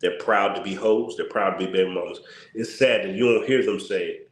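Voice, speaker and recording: A man's voice: fairly low pitch, fairly quick, echoey room. A tired man hosting a casual livestream, talking in a blunt, repetitive, slangy rant. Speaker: channel host.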